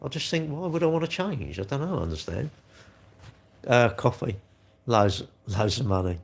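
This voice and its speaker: Man, 60s, live-stream chat, rambling, blunt, lively pitch. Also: normal speed, gravelly.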